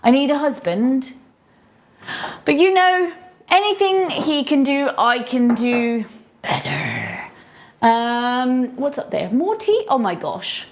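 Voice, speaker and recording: A woman's voice: high-pitched, very animated, slow pace. An English woman hosting a casual live cooking stream from her home kitchen, chatty and rambling with cheeky asides. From England.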